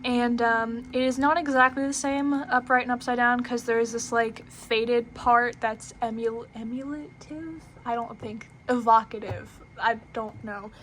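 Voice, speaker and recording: A young woman chats her way through a tarot deck review, full of fillers and little giggles. Her voice sits a little high. A faint hiss runs underneath the recording. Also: level tone, a little slow, few pauses, a bit bright. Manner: chatty, filler-heavy, giggly.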